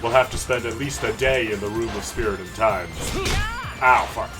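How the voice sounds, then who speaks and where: A man's voice: fairly low pitch, moderate pace. A man giving casual, joking commentary as he plays a video game, swearing freely. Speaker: streamer. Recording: game music behind voice. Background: game music.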